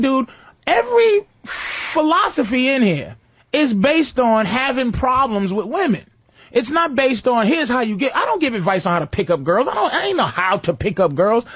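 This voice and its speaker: A man with a high voice that swings all over, hosting a loose comic radio show. He tells stories and acts out other people's quotes, and the sound is dry and a little dull. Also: no echo. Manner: animated storytelling with acted-out quotes. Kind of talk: loose comedic radio talk.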